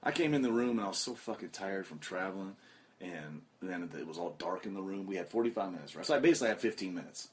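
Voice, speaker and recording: A man hosting a casual podcast, telling profane, animated stories and putting on loud voices for the people in them. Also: deep voice, quick pace. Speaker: podcast host. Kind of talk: casual chat.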